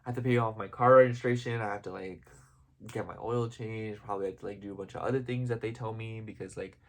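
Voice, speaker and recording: A man's voice: lowish voice, fairly even intonation, quick pace. A young man talking in a casual, heartfelt vlog, rambling with constant "like" and "you know" and openly emotional and gushing. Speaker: vlogger.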